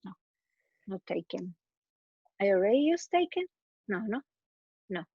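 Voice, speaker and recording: A woman's voice: medium pitch, big pitch swings, measured pace, slightly rough, no echo, dull audio. A woman studying English, working through grammar practice aloud, hesitating and correcting herself. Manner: hesitant, self-correcting, repeats words while thinking. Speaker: English student.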